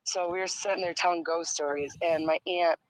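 A man's voice: a little high, steady tone, brisk, no room sound, poor audio. A man calling into a podcast, earnestly telling a ghost story in casual chat. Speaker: caller.

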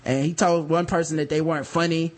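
A man co-hosting a podcast, telling a comedic story in a casual, animated way. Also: a little high, fast talker. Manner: animated, reads out tweets in mocking voices. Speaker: podcast co-host.

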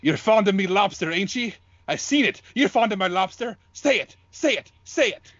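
A man's voice: sits high, animated, moderate pace, fairly bright tone, no room sound, highs cut off, voice pushed up. Man doing a raging old sea-dog lighthouse keeper. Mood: taunting. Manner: bellowing archaic sailor talk. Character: grizzled old male lighthouse keeper, furious, cursing.

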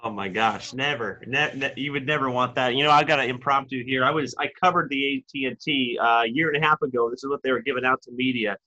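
Bright-voiced man hosting, lo-fi sound. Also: mid-range voice, fairly even intonation, quick pace, few pauses. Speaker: host. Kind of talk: interview host. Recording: dull lo-fi sound.

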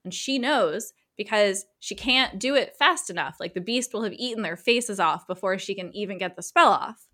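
A woman recapping a TV episode in casual podcast chat, animated and frank, swearing freely. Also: mid-range voice, normal speed.

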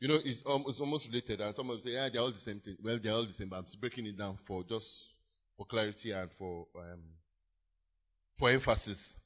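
A man preaching a sermon in church, acting out little scenes with loud exclamations. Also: lowish voice, brisk. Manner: animated, acts out scenes with shouted exclamations. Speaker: pastor. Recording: dull lo-fi church recording.

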